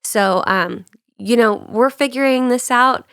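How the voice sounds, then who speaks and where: Young woman hosting a podcast, a bit sick sounding, higher voice, dry close sound, laughs a lot. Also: unhurried, vocal fry, smooth, no room sound. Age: young adult. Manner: chatty, laughs often, relaxed. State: slightly sick voice. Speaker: podcast co-host. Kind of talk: casual chat. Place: on a couch indoors.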